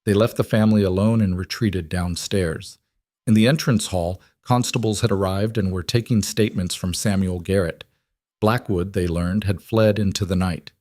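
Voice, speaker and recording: A man narrating a romance story in a measured, dramatic way. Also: deep voice, fairly even intonation, a little mellow, no echo, clean studio sound.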